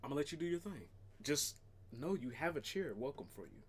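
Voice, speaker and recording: A male streamer rants casually on a livestream. He swears freely and talks to his cat now and then. His pitch swings widely as he talks. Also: sing-song, brisk, slight background noise.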